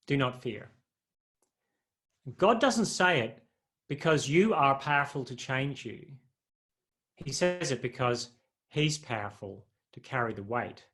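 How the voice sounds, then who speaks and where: A man's voice: mid-range voice, lively intonation, takes it slowly, pauses often, a bit bright. A man preaching a sermon in a conversational, humorous way, often putting questions to his listeners.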